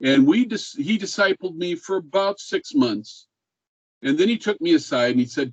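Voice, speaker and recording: A man's voice: a little high, animated, moderate pace, dry recording, highs cut off. An older man teaching an online class, talking in a laid-back way and checking in with questions. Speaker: music professor.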